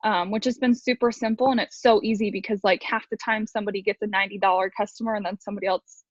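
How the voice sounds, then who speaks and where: A woman talks quickly on a video call, tumbling through her ideas with plenty of fillers as she shares sales tips with her team. The sound is dull and muffled, with no room around it. Her voice sits at a middling pitch. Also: fairly even intonation, no room sound. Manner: rambling, fast, filler-heavy. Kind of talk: casual video call talk.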